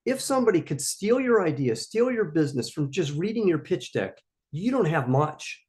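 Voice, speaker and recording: A man's voice: fairly high pitch, sing-song, moderate pace, darkish tone. A man hosting a live question-and-answer stream for startup founders, giving emphatic, coaching answers and repeating his key points.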